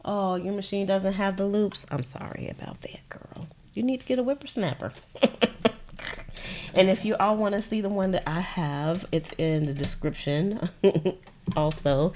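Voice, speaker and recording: A woman's voice: low-pitched, a little mellow. A woman chatting casually with viewers while she makes journal pieces at a sewing machine, laughing often and addressing them as "y'all". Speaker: junk journal crafter. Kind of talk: casual crafting livestream chat. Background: sewing machine running.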